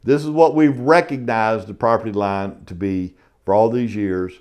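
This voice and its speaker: A man's voice: on the low side, fairly even intonation, normal speed, a little mellow, clear, resonant tone. A middle-aged man, teaching a casual real estate lecture in a folksy way and saying "y'all" often. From South Carolina.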